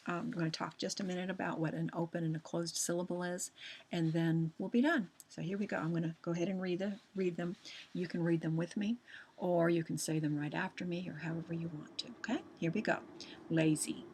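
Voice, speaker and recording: A woman's voice: fairly low pitch, a little hiss or hum. A woman teaching a recorded lesson, patient and chatty, often repeating herself and restarting sentences as she explains.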